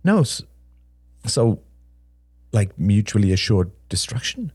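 A man doing a jittery young adult son in a story reading, stammering and halting as he speaks. His pitch rises above the reader's deep natural voice and leaps around. The sound is dry and close. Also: big pitch swings, a little mellow, husky, no room sound, heavily acted. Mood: nervous.

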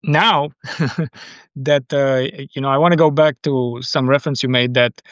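A man's voice: mid-range voice, steady tone, a little slow, a bit bright, no room sound. Hesitant earnest man, slightly muffled. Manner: hesitant, earnest, stammering restarts. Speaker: interviewer and book reviewer. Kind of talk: conversational interview.

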